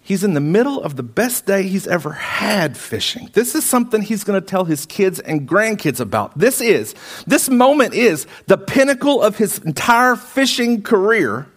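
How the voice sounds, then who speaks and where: A man's voice: sits high, sing-song, moderate pace. A man preaching a sermon, retelling a story with vivid, emphatic repetition.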